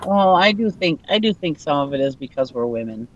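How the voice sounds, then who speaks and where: A woman's voice: deep voice, lively intonation, a little fast, dull audio, a little hiss or hum. A woman from Minnesota telling a story in casual chat, laughing often and acting out what people said. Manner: chatty, laughs often, acts out quotes.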